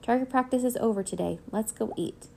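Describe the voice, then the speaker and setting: A woman reading the lines of a calm old male wizard teacher in a storybook, gently giving instructions. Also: fairly high pitch, fairly quick, creaky, a little hiss or hum, pitched above the performer's own voice.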